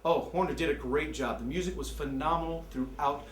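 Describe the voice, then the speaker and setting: Excitable joking man in an echoey room. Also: a little high, fairly quick, background noise. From American Midwest. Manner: joking, excitable, jumps into mocking voices. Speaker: amateur movie critic. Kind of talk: comic movie review rant.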